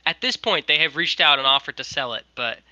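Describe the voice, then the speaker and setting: A young man tells a long, animated anecdote over a video call and keeps slipping into what people said. His voice is very bright and edgy. The audio is dry and close, with no room around it. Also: a little high, a little fast, no echo, poor audio. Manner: rambling, animated, quotes people. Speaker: guest, merch designer. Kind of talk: casual storytelling.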